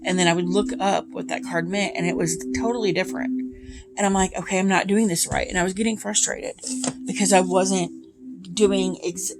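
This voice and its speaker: A woman's voice: mid-range voice, fairly even intonation, brisk, loud music behind the voice. A woman tarot reader chatting casually to her viewers, full of ums and asides. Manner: chatty, many ums, speaks of feelings. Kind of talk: casual chat to camera.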